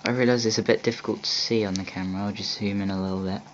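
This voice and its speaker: A man's voice: on the low side, fairly even intonation, rapid-fire. A young man hosting a casual video walkthrough of a game store, rambling with many ums and restarts. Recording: dull lo-fi home recording with faint hiss.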